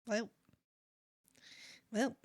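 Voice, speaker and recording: A woman streamer chatting casually with her viewers, laughing often and swearing offhandedly. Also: extremely slow.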